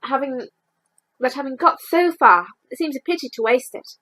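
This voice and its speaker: A woman's voice: sits high, lively intonation, normal speed, bright, forceful tone, full character voice, low-quality recording. A woman voicing a fussy, polite male rabbit in a storybook read-aloud, prim and matter-of-fact. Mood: brisk.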